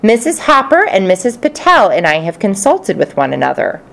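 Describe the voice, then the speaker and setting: A woman's voice: mid-range voice, wildly swooping pitch, creaky. A woman voicing a firm but kind female schoolteacher in an audiobook. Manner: firm, measured. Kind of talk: audiobook character reading.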